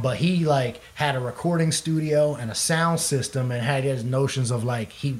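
Casting: young male musician, loose and profane, rambling storyteller in a casual chat. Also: medium pitch. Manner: profane, rambling, laughs often. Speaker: guest musician.

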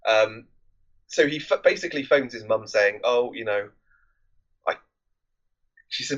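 A man's voice: lowish voice, animated, normal speed, fairly bright tone, lo-fi sound. A man hosting a film podcast, recapping a movie plot in a loose, rambling, conversational way.

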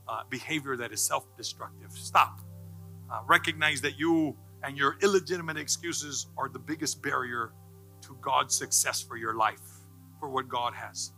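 A male pastor preaching a sermon, joking with the congregation and building to loud, passionate calls. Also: medium pitch, unhurried, faint music behind, low-quality recording.

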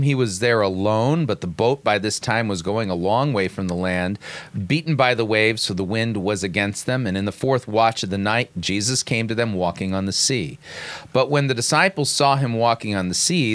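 A low-voiced man talks through a sermon clip point by point. He reads scripture aloud and breaks down words, often restarting his sentences. The sound is close and dry. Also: fairly bright tone, no room sound. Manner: analytical, explains word by word with frequent restarts. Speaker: commentator critiquing a sermon. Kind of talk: commentary with scripture reading.

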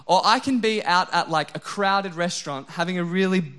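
A young adult male pastor delivers a relaxed, joking sermon. His voice sits fairly high for a man, and he is quick to poke fun at himself, peppering his talk with "like" before turning earnest. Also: clear, resonant tone. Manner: casual, self-mocking humor with frequent "like" fillers.

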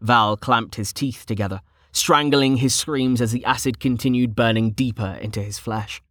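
Man, audiobook narrator, steady measured reading, mid-pitched voice, dry close mic. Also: dry recording.

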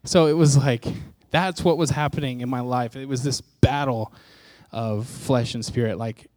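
A man's voice: mid-range voice, steady tone, normal speed, few pauses. A man preaching a testimony to his congregation in a candid, self-mocking way, acting out bits of dialogue as he tells the story. His voice sits in a middle range and sounds dry and close, with no room echo. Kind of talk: personal testimony sermon.

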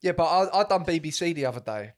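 Lively, swearing storyteller man. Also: a little high, fast. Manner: animated storyteller, swears freely, acts out quotes. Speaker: podcast co-host, comedian. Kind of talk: casual chat.

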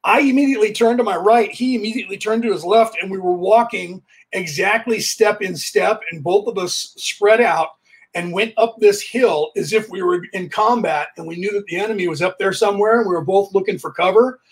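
A man's voice: high-pitched, a little fast, slightly rough. A man hosting a podcast, telling casual anecdotes and re-enacting the dialogue as he goes. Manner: animated, re-enacts dialogue while telling stories. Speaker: podcast host.

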